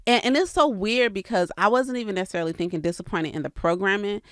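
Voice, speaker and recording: A woman's voice: medium pitch, fast talker, no room sound, studio quality. A woman hosting a casual podcast monologue, talking candidly and earnestly to her listeners about faith and business. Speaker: real estate coach and podcast host.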